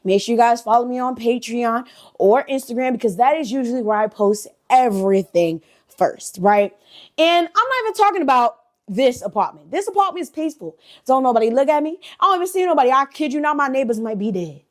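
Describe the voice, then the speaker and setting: A young woman from New Jersey talking straight to her viewers in a casual storytime vlog, animated and profane. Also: fairly high pitch, brisk. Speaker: vlogger.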